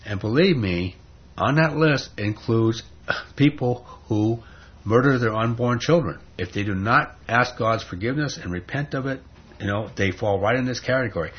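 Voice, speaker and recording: A man's voice: medium pitch, moderate pace, husky. A man preaching a sermon in an emphatic, conversational way, often asking rhetorical questions. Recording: dull lo-fi sermon recording.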